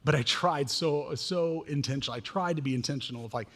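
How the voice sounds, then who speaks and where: A man in his thirties preaching a sermon as pastor, animated and self-mocking as he tells family stories. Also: mid-range voice, brisk, few pauses, husky. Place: church sanctuary. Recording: long reverb of a church hall.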